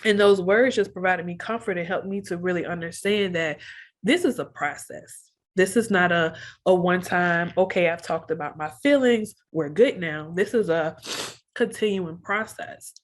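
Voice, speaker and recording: A woman's voice: lowish voice, moderate pace. A young woman telling her own story of pregnancy loss, candid and earnest, reenacting her own thoughts as she goes. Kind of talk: emotional personal storytelling.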